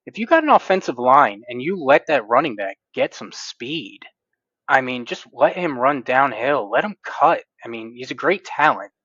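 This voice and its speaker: A man co-hosting a sports podcast, speaking with emphatic, passionate conviction. His voice sits at a middle pitch, and the recording is dull, lo-fi and dry. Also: very animated, moderate pace, fairly bright tone, husky, dry recording. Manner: emphatic, passionate fan talk. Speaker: podcast co-host. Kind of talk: casual sports chat.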